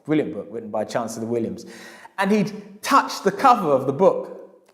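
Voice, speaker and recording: A man's voice: mid-range voice, sing-song, normal speed, a bit bright. Emphatic male lecturer, echoey hall. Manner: emphatic, repeats key phrases. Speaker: historian and lecturer. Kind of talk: storytelling lecture.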